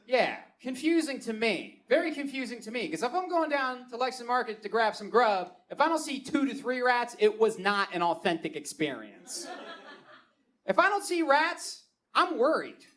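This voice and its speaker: A young man with a Baltimore accent performs stand-up comedy. His voice sits high for a man and swings widely up and down as he spins animated, playful stories. He delivers the set from a comedy club stage. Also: moderate pace. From Baltimore, Maryland.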